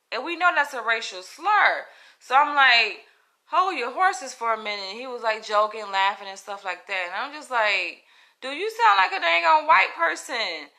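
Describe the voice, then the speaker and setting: Southern US woman, crisp bright tone, casual chatty storyteller, often checks in with her listener. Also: fairly high pitch. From Southern United States. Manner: chatty, emphatic, often adds "right?" and "you know?".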